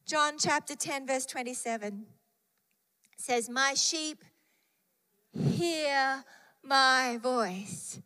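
A woman's voice: high-pitched, extremely slow, long pauses, pushed and bright, big-room sound. A woman preaching a sermon with emphatic repetition of key phrases and scripture read aloud.

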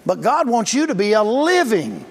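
In a sing-song delivery at normal speed, a strikingly high-voiced pastor gives a plain-spoken, emphatic sermon. He leans into key words and calls out for responses, his voice carrying through a large sanctuary's long reverb.

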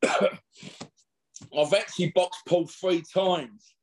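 A man's voice: sits high, fairly even intonation, extremely slow. A middle-aged man, a former boxer telling rambling, slangy stories in a casual interview. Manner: chatty, rambling, laddish slang with frequent fillers.

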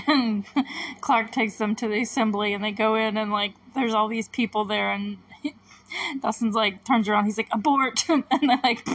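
A woman's voice: mid-range voice, fairly bright tone, dry recording, low-quality recording. A young woman hosting a podcast, chatting casually and giggling as she retells scenes and quotes the characters' lines. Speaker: podcast host recapping a TV episode. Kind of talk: casual chat.

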